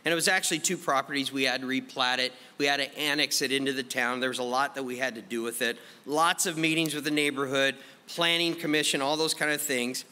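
A man, a pastor, telling his testimony in an animated way, acting out his own past words. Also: mid-range voice, fast talker, few pauses, big-room sound. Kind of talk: testimony sermon.

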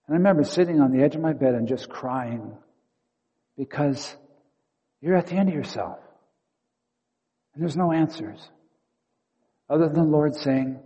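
A male pastor preaching a story-filled sermon, acting out inner dialogue and shifting between quiet and loud. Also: medium pitch, moderate pace, pauses often, lo-fi sound. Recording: long hall reverb.

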